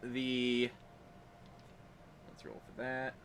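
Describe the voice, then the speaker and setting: A man running a tabletop role-playing game as game master, narrating in a relaxed, rambling way with fillers and chuckles. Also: medium pitch, extremely slow, a little hiss or hum.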